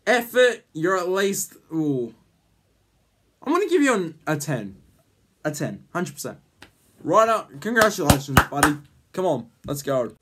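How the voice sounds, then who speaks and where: Rambling guy, slightly high voice. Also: very animated, unhurried, pauses often, a bit bright, a little hiss or hum. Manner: rambling, full of ums, jokey teasing. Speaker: YouTube host. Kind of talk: casual vlog commentary.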